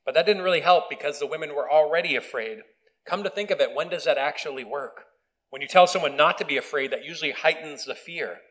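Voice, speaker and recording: A pastor giving a conversational video sermon, with casual asides and self-deprecating humor. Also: male voice, fairly high pitch, fast talker, fairly bright tone, poor audio. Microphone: video recording.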